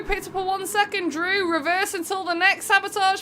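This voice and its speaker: Her voice is extremely high, bright and forceful, with a little hiss or hum in the recording. She's a streamer from England with an English accent, running an online racing event, giving rapid, chatty commentary and welcoming viewers by name.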